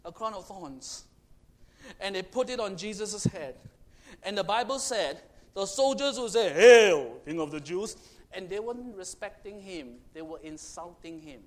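A man preaching a sermon to children, storytelling dramatically and swinging between loud and hushed. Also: high-pitched, expressive, normal speed.

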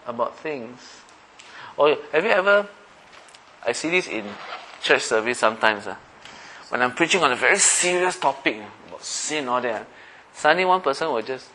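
A middle-aged pastor gives an animated, conversational sermon, checking in with listeners through questions and acting out everyday voices. Medium-pitched and moderately paced, his voice is pushed and bright, captured on a low-quality recording with a little hiss or hum.

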